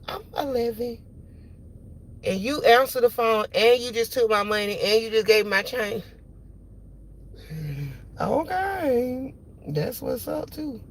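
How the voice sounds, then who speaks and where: A woman venting on a phone live stream from her parked car, rambling and repeating herself, with sudden loud outbursts. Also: a little high, creaky, a little hiss or hum. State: upset after losing her job. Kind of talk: casual venting monologue. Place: parked car in a parking lot.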